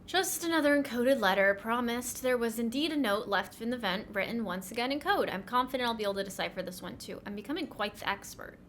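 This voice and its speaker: A woman's voice: fairly high pitch, lively intonation, fast talker, few pauses, fairly bright tone, a little hiss or hum. A woman streaming a game, reading its text aloud with wry asides and the occasional whisper.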